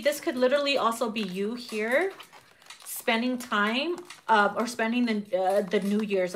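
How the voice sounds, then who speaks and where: A woman giving a casual tarot reading, brash and profane, laughing often and acting out people's reactions, with her voice getting worn. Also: fairly high pitch. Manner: animated, acts out quoted reactions. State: losing her voice. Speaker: tarot reader.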